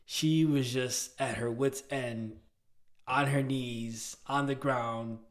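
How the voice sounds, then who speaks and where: Excited man retelling anime scenes. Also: mid-range voice, slow pace. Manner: animated storyteller, acts out scenes. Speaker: podcast co-host. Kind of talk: casual chat.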